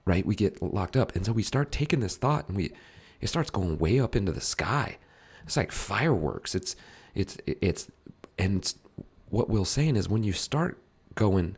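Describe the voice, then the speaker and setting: A man hosting a casual podcast chat, talking in an animated way with many restarts. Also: deep voice, normal speed, vocal fry, breathy edge. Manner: animated, many restarts, acts out worried thoughts. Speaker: podcast host.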